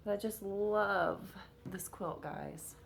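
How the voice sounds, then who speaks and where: A woman's voice: mid-range voice, slow, creaky, a little hiss or hum. A woman vlogger chatting casually to camera at home, with many fillers and a touch of hiccups. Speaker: cross-stitch vlogger.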